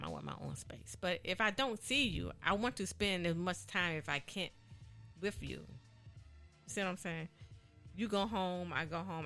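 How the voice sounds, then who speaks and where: A woman's voice: sits low, gravelly. A woman hosts a casual talk radio show. She talks animatedly and circles back on her points. Faint music sits behind her voice. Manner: animated, repeats herself, laughs often.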